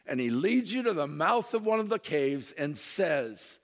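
A man preaching a sermon, moving from low, intense delivery to loud impassioned emphasis. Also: expressive, moderate pace, hardly any pauses. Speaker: pastor.

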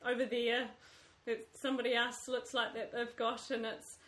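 A woman's voice: fairly high pitch, flat delivery, normal speed, fairly bright tone. A woman in casual chat, thoughtful and a little hesitant as she searches for words. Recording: echoey room.

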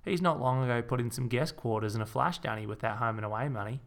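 A man's voice: medium pitch, fast talker, vocal fry, close to an everyday voice. A man reading aloud, voicing a small, round, chatty male motel owner. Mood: friendly. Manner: chatty, blunt, folksy.

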